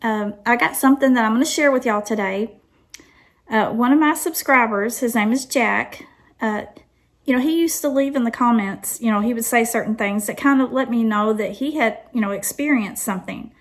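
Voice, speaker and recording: A woman's voice: on the high side, moderate pace. A woman, hosting her channel, chatting loosely with lots of fillers and then reading a viewer's letter aloud. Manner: chatty, many fillers, laughs at herself. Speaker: channel host.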